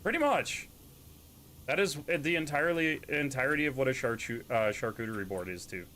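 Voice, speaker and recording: A young man with a Canadian accent chatting casually while streaming a game, playful and quick to mimic accents. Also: medium pitch, bright, forceful tone, a little hiss or hum. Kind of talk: casual gaming chat.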